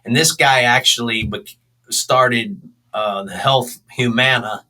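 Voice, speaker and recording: A South Florida fishing show host and charter captain tells fishing stories in a casual interview, acting them out with shouts. His voice is mid-range and slow, and the recording is low quality with a distant mic.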